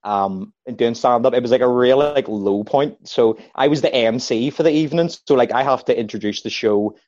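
A man's voice: medium pitch, moderate pace, no echo, highs cut off. A man, a stand-up comedian, telling stories in casual chat and acting out what people said. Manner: animated anecdotes with acted-out quotes.

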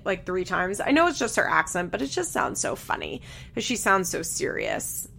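A woman's voice: mid-range voice, big pitch swings, moderate pace, vocal fry, fairly bright tone. Chatty young woman recapping TV. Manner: chatty, opinionated, laughs often, lots of "like". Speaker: podcast host recapping a reality show. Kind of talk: casual recap chat.

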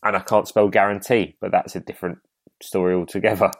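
A man's voice: low-pitched, level tone, quick pace. Chatty southeast English man. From Kent, England. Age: 20s. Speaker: podcast host. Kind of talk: casual chat.

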